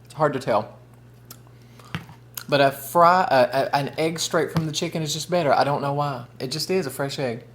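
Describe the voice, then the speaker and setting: A man's voice: a little high, normal speed, fairly bright tone, slight background noise. A man who chats casually and folksily with viewers while eating on camera. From Southern United States. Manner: chatty, folksy, addresses viewers as y'all and honey. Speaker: food vlogger. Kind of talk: casual mukbang chat.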